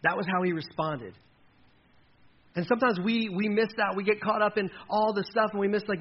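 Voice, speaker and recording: A man preaching a sermon as a pastor, lively and conversational, who drops his voice low and quiet when he speaks God's words. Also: normal speed, muffled recording.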